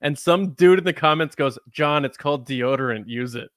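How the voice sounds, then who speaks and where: A man's voice: fairly high pitch, moderate pace, a bit bright, no echo, clean studio sound. A man co-hosting a podcast in casual chat, with a wry, joking manner. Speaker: podcast co-host.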